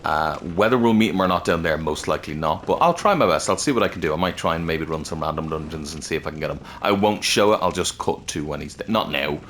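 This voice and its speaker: A man with a low, deep voice talks through a game as he plays it, loose and rambling. He swears constantly and keeps the tone off-the-cuff, like a casual let's-play commentary. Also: animated, fast, hardly any pauses, fairly bright tone, a little hiss or hum. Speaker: gaming channel host.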